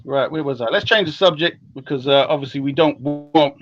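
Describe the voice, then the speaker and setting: A young man hosting a live stream, talking in slangy, teasing, heated casual banter that jumps between loud and low. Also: fairly quick, faint music behind. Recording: dull lo-fi stream audio.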